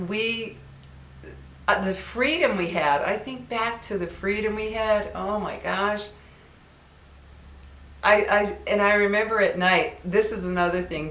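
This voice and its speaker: A woman's voice: on the low side, a bit bright, echoey room, a little hiss or hum. An older woman and grandmother chatting casually to her viewers, reminiscing and acting out the voices she quotes. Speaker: vlogger.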